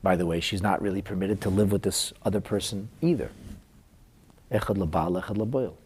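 A man's voice: low-pitched, brisk, a little mellow, breathy edge. A middle-aged man teaching a Talmud class as a rabbi, telling a painful counseling story in an earnest, emotional way.

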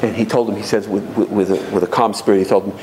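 A man's voice: on the low side, fairly even intonation, quick pace, darkish tone, slight background noise. A man teaching as he tells a personal story, sprinkling in Hebrew and Yiddish terms and often restarting his sentences. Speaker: religious teacher. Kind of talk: storytelling sermon.

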